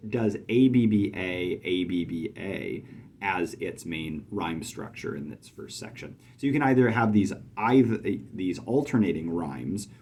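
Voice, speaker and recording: Man, poetry teacher, deep husky voice, chats with ums and taps out meter. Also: a little mellow. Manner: thoughtful, many fillers, chants stress patterns. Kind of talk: video lesson.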